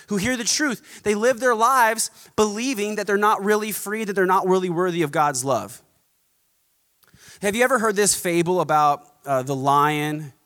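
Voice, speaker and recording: A man's voice: sits high, fairly bright tone. A man preaching a sermon as pastor, emphatic and rhythmic, stacking repeated contrasts. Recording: long hall reverb.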